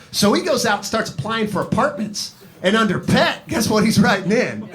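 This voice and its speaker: A man's voice: sits high, fast, few pauses. A man doing comedic storytelling on a live advice panel, profane and rambling, swinging his voice up and down as he keeps turning to the person asking. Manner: profane, rambling, animated storyteller who keeps addressing the asker. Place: comedy venue with live audience. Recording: live show with audience laughter. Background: crowd laughing.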